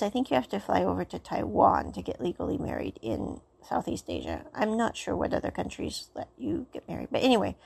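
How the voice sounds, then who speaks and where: Rambling woman with vocal fry. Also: medium pitch, darkish tone. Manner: rambling, keeps saying "so anyway". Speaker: drama reviewer. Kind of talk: casual plot recap and review.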